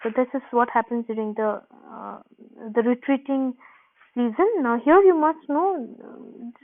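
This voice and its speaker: A woman teaches a geography lesson in a slightly high voice, walking students through each step and restating her points. Her lecture comes through thin, tinny audio that sounds like a phone line. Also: a little slow. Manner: explanatory, repeats points, frequent "uh" and "um". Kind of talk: recorded online class lecture.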